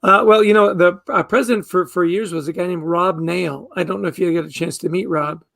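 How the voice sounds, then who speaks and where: A man's voice: high voice, steady tone, fairly quick, creaky, fairly bright tone, no echo. A man who is a guest author, talking earnestly in a podcast interview and often repeating words as he starts a thought.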